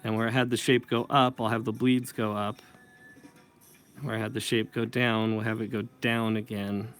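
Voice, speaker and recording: Over faint background music, a man with a lowish, fairly bright voice speaks flatly at a moderate pace. He's a comic book inker giving a casual inking tutorial, reasoning out loud and correcting himself while he works.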